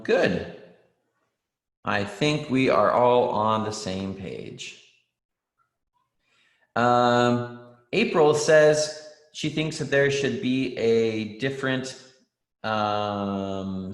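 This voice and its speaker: A man teaching an online writing class for children, encouraging and reading out student answers with frequent ums. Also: fairly low pitch. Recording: roomy echo.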